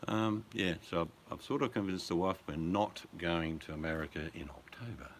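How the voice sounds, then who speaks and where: An older Australian man chatting casually, a rambling storyteller who chuckles and slips into loud put-on voices in his anecdotes. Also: low voice, normal speed, slight background noise. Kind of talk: casual chat.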